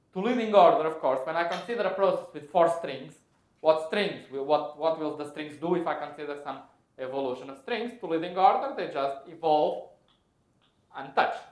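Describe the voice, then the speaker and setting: Man lecturing in an echoey room. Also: on the high side. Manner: thinks aloud, self-correcting, explanatory. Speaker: physics lecturer. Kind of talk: technical lecture. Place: lecture hall.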